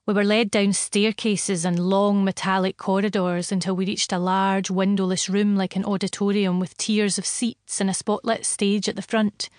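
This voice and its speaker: Woman, first-person storytelling, steady and wry, mid pitch, dry close recording. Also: normal speed, hardly any pauses, no room sound. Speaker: audiobook narrator.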